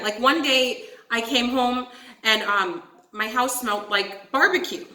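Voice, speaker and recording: A young woman hosts a casual storytime vlog in an echoey room, telling a story animatedly, swearing, and calling her viewers "guys." Her voice is fairly high-pitched and sharp, and she speaks at a measured pace.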